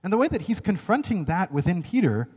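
A man delivers a sermon in a lively, higher-pitched voice that rises and falls freely. He speaks earnestly and emphatically, tossing in quick "right?" asides. His words ring out with the long reverb of a large hall. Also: breathy edge. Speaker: preacher.

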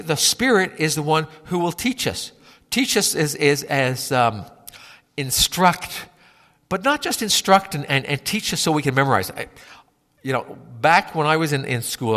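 A man preaching a sermon in a conversational, halting way, often repeating words as he gathers his thoughts. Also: a little high, a bit bright, long reverb tail. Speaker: pastor.

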